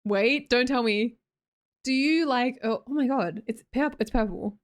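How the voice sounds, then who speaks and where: A woman's voice: fairly high pitch, a little slow. An Australian woman live streamer chatting casually with viewers, scattered and self-mocking, laughing often. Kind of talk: casual chat reading viewer messages.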